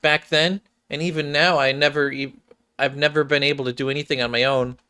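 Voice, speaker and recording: A man's voice: on the high side, fairly even intonation, fairly quick, sharp tone, smooth, voice pushed up. A man voicing a timid, tearful young female android fighter who stammers and pities herself. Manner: stammering, self-pitying.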